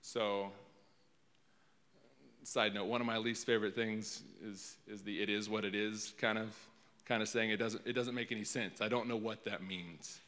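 A man's voice: fairly low pitch, steady tone, normal speed, a bit bright. A man preaching a conversational sermon in a casual way, often repeating words as he restarts. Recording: long hall reverb.

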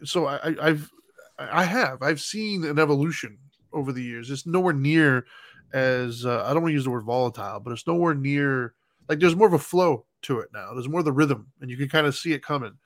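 A man's voice: medium pitch, a little fast, a bit bright, no echo, studio quality. Reflective man in his thirties. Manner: reflective, explains in long run-on sentences. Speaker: podcast co-host. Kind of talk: casual chat.

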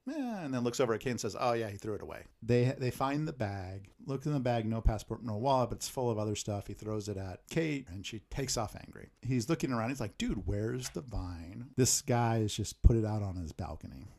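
A man's voice: medium pitch, expressive, fairly quick, hardly any pauses, darkish tone. A man co-hosting a podcast, casually recapping a film's plot and acting out the characters' lines. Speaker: podcast co-host.

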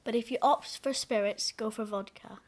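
A man voicing a dry-humoured woman aid volunteer in a soft, quiet voice. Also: sits high, fairly even intonation, normal speed, pitched above the performer's own voice. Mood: wry.

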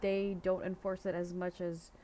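A woman's voice: lowish voice, little pitch movement, moderate pace, mellow, a little hiss or hum. A woman from the Philippines co-hosting a podcast, chatting casually and filling her sentences with "like" and restarts. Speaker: podcast co-host. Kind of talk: casual chat.

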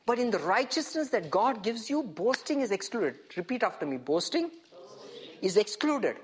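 A man's voice: high-pitched, sing-song. A man preaching a sermon with emphasis, having his listeners repeat verses after him and asking for agreement after nearly every point. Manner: emphatic, has the congregation repeat lines; reads verses slowly, stressing each phrase.

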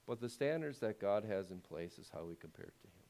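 Animated and brisk, the man preaches to his congregation as their pastor, keeping things conversational with rhetorical questions. Pressing a point, he gets louder and higher.

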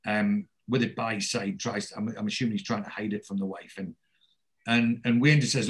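A man's voice: lowish voice, fairly even intonation, a little fast. Rambling man retelling a tv episode. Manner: rambling storyteller with many fillers and restarts. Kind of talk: casual chat retelling a TV episode.

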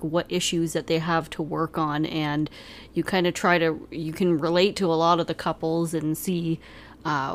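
A woman co-hosting a casual podcast with her partner, teasing him and laughing often. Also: low voice. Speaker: podcast co-host. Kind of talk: casual couple chat.

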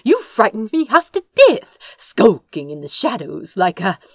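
A woman voicing a fretful, gentle young male prince who fusses anxiously with breathy exclamations. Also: medium pitch, big pitch swings, measured pace, no room sound, clean studio sound, heavily acted. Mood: flustered.

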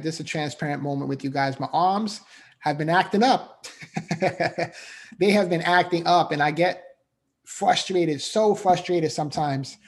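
Man with a slightly higher voice, earnest, emotional faith-based motivational speaker. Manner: earnest, repetitive, emphatic, frequent "right?".

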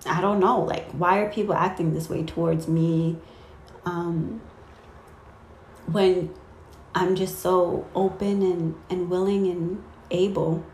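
A woman's voice: fairly low pitch, steady tone, takes it slowly, a little hiss or hum. A woman giving a casual spiritual talk to her viewers, rambling and interrupting herself with fillers. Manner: rambling, warm-hearted, self-interrupting with fillers. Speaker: faith vlogger. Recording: echoey room.

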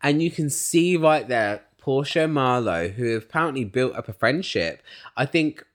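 A man's voice: medium pitch, moderate pace. A man hosting a casual reality TV recap, talking in an opinionated way and swearing often. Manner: animated, opinionated, swears a lot.

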